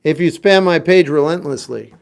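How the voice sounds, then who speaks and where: A man's voice: a little high, normal speed, vocal fry. A man in his fifties, a singer-songwriter chatting casually on a livestream, answering comments in a blunt, wry, offhand way. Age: 50s. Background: guitar playing.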